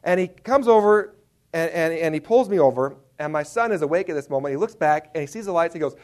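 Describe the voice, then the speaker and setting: Male preacher, slightly high voice, lively self-mocking storyteller, acts out his reactions. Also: quick pace. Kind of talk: humorous sermon storytelling.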